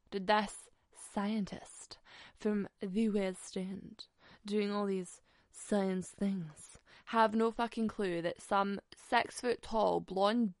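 A young Scottish woman telling a dating story on a podcast in a sweary, sarcastic, animated way. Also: medium pitch, no echo, clean studio sound. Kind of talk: casual storytelling.

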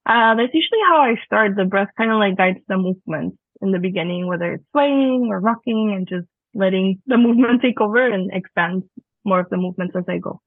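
Guest from Mexico, gravelly voice, casual and reflective, dry tinny phone-like line. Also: female voice, mid-range voice, a little fast, no echo. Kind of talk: podcast interview over remote call.

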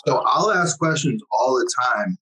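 A man's voice: mid-range voice, expressive, a little slow, pushed and bright, rough recording. A man co-hosting a podcast, easygoing and full of fillers. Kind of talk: casual chat.

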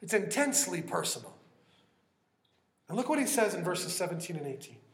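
A man preaching a sermon in an earnest, conversational way, often dropping to a hushed voice for emphasis. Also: high voice, big pitch swings, brisk, reverberant.

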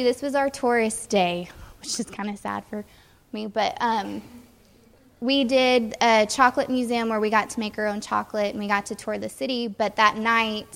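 Young woman presenting haltingly in flat tones, echoey hall. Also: medium pitch. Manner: hesitant, many ums. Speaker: mission trip speaker. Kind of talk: church presentation talk.

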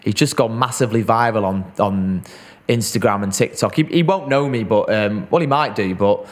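A man's voice: fairly low pitch, moderate pace. A man co-hosting a podcast, chatting casually and rambling with fillers and restarts. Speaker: podcast co-host. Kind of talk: casual chat.

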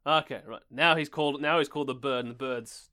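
A man co-hosting a comedy podcast, reacting to the story with laughs, short questions and quick asides. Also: mid-range voice, fairly even intonation, pushed and bright, clean tone. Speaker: podcast co-host. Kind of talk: casual comedic chat.

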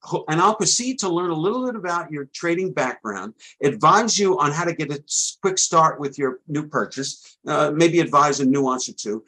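A middle-aged man, a trading coach, giving a rambling sales pitch for his course and often stammering and restarting. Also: a bit bright, breathy edge, poor audio.

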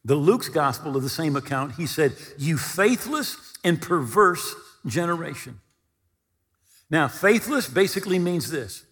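A man's voice: a little high, expressive, a little slow, a bit bright. A man preaching a sermon, retelling scripture and stories with acted-out quotes. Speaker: pastor. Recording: long hall reverb.

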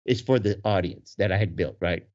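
A man in his forties with a husky voice, telling a story casually with lots of laughter. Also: sits low, a little fast. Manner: animated, laughs often, acts out voices in quotes. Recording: dull lo-fi recording.

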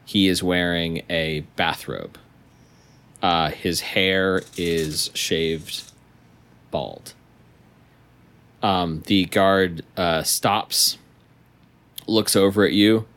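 A young man narrates a tabletop role-playing scene as game master. His voice sits very low, and he talks slowly. He pauses often and fills the gaps with ums. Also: steady tone, fairly bright tone. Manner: slow, hesitant narration with many ums.

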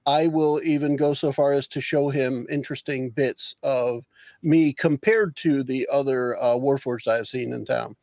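A man's voice: mid-range voice, fairly even intonation, a little slow, darkish tone, no room sound, poor audio. Guy playing a tabletop rpg, talking through his plan, dry close mic. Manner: thinking aloud, explaining plans. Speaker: player. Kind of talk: tabletop game play.

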